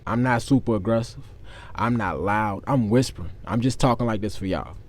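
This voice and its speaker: A man's voice: lowish voice, moderate pace. A young man telling a personal story to his viewers in a candid, profane, conversational way. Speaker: vlogger. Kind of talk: casual storytelling.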